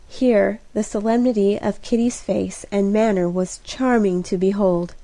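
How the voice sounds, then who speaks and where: Slow, clear woman narrating an audiobook. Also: medium pitch, dry recording. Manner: slow, clear, even reading. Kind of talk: scripted narration.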